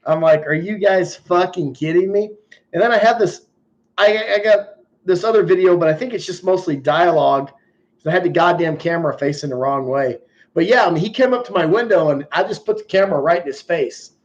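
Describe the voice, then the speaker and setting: A man's voice: a little high, fairly quick. A man hosting a live stream, telling stories in a blunt, profane way. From United States. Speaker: livestream host. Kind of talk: casual live stream chat. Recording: muffled stream audio.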